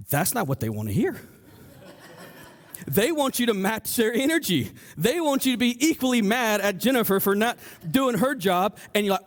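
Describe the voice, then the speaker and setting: Speaking fairly quickly in a high voice, a male pastor gives an energetic sermon in a church sanctuary. He voices the people in his story and keeps stammering and restarting.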